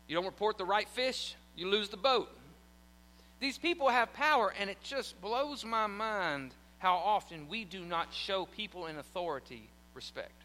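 A man's voice: high voice, pushed and bright. A man preaching a sermon in church, telling a story animatedly and acting out the quotes. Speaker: pastor. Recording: long hall reverb.

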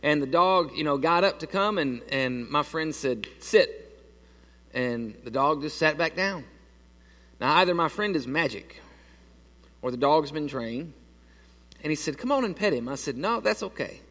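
A man's voice: on the high side, moderate pace, pushed and bright, long reverb tail. A man preaching a sermon to his church, telling a story casually with lots of restarts and fillers. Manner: conversational storytelling with many restarts. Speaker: pastor. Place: church sanctuary.

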